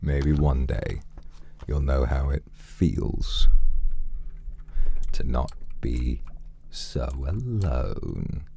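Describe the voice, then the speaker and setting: Man voicing a mean, lonely male wizard, very deep and dark, slow, hushed sneering monologue. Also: animated, gravelly, a little hiss or hum, exaggerated voice. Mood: scornful brooding. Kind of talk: role-play narration on a game stream.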